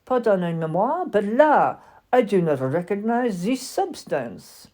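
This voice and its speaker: A haughty French walking doll, put on by a woman reading aloud, talks in an affected, mocking lilt with a French accent. Her voice rises high and bright when she titters. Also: big pitch swings, slow pace.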